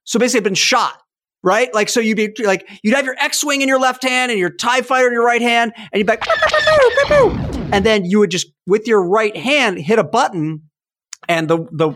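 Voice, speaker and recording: Man in his fifties, podcast host, lively storyteller, slightly high pitch. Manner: animated storytelling, acts out toy sounds. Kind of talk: casual chat.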